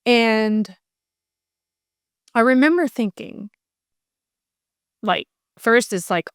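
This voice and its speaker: A woman's voice: on the high side, animated, extremely slow, long pauses, clean tone, no room sound. Earnest woman, dry close mic. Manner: earnest, rambling with many restarts. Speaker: podcast guest. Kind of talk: emotional personal storytelling.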